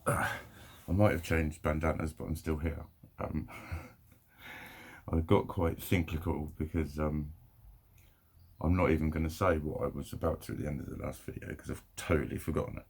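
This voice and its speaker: Deep husky guy ranting to camera, sweary and heated, keeps drifting off topic. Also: fairly even intonation, normal speed, pauses often, a little mellow. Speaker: vlogger.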